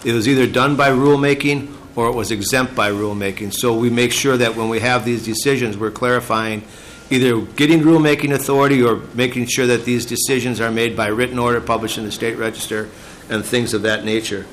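A man from a state department explaining bill provisions to a committee in halting, explanatory testimony. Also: mid-range voice, steady tone, a little hiss or hum, rough recording. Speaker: state agency official testifying. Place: legislative hearing room.

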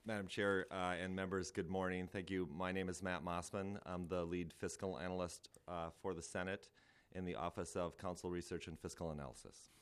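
A man gives a formal briefing to a legislative committee. His voice is very deep and smooth, and his delivery is flat and steady. He keeps his remarks polite and orderly. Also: brisk. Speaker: lead fiscal analyst. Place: hearing room.

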